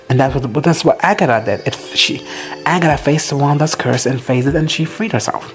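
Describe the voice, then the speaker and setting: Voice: medium pitch, brisk, soft background music. A host giving a casual, profane reaction recap, gushing and quoting characters in playful asides.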